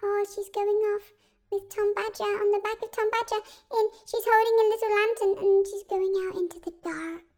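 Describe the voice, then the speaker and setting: A woman's voice: very high voice, little pitch movement, normal speed, darkish tone, pitched above the performer's own voice. A woman voicing an eager, curious little child who listens to a story and worries about the doll.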